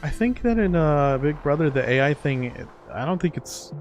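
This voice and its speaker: A man playing a game on stream, chatting casually with his co-host in a relaxed, offhand way. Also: on the high side, normal speed, faint music behind. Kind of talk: casual chat while gaming.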